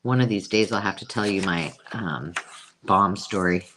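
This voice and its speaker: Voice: deep voice, normal speed, noisy background. A host chatting casually through a live sale, self-mocking and cooing over old pictures. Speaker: host selling vintage books.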